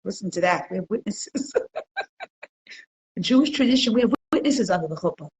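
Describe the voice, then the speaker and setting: A woman's voice: mid-range voice, moderate pace, poor audio. A woman teaching an interactive religious class, telling stories and asking her listeners questions. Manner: animated storyteller, asks the class questions. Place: community centre classroom.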